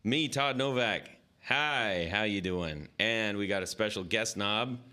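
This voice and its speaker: Bright-voiced man hosting a podcast. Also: fairly low pitch, unhurried, clean tone. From Southern California. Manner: laughing, self-interrupting, restarts. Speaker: podcast host. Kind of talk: casual chat.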